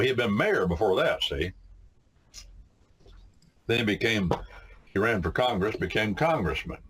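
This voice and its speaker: A man from the United States lectures on civics in a loose, storytelling way. His voice sits very low and has a husky grain. He drives points home with repeated no's and folksy asides to his listeners. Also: fairly bright tone. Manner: emphatic, repeats "no, no, no" and addresses "my friends". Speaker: lawyer teaching a civics catechism. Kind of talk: informal lecture with anecdotes.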